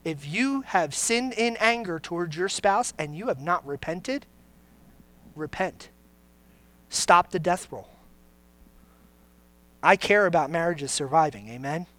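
A pastor delivers a sermon at an unhurried pace, teasing the congregation with questions and jokes before sinking into low, grave emphasis. The voice is bright, and the recording is dry and close. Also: animated, no echo. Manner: conversational, joking, then drops low and grave.

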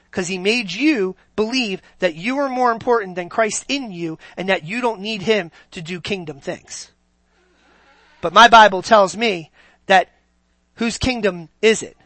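A man's voice: high voice, sharp tone, dry recording. A man preaching a sermon, emphatic and throwing rhetorical questions at his congregation.

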